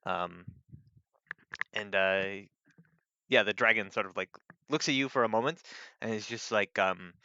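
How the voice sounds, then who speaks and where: A lower-voiced man narrates a live-streamed tabletop game as game master, halting over fillers as he describes the scene. His voice is bright and smooth, but the mic sounds dull and lo-fi. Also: dry recording. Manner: halting, full of "like" and "um".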